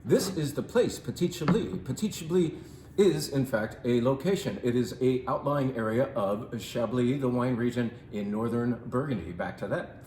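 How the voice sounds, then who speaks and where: A playful, theatrical man hosts a chatty wine talk, stretching words for emphasis. His voice sits at a middle pitch. It rings in an echoey room with a faint hum of ambience behind it. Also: moderate pace, darkish tone. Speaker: wine shop host.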